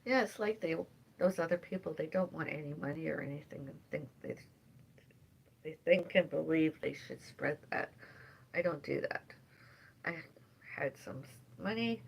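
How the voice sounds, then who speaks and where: A woman chatting on a live stream from home in a meandering way, sighing often and drifting between loud and soft. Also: low voice, animated, normal speed, gravelly, slight background noise, rough recording. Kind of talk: rambling live stream chat. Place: at home, indoors.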